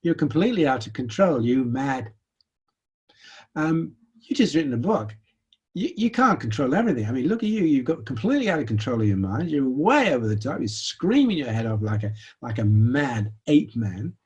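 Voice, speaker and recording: A man doing a sneering high inner critic. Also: very animated, normal speed, a little mellow, breathy edge, dull audio. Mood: scornful. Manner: mocking, berating. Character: harsh scolding inner critic, male, contemptuous.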